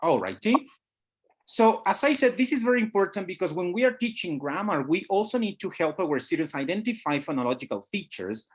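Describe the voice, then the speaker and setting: Lively-voiced trainer on a video call. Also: mid-range voice, fairly quick, breathy edge. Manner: patient, checks understanding, often says "guys". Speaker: CELTA teacher trainer. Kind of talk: online webinar teaching.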